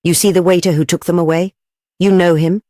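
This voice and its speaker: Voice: mid-range voice, normal speed, darkish tone, no room sound, studio quality, lightly acted. A narrator voicing a panicked foreign male hotel proprietor who pants and stammers. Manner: breathless, stammering.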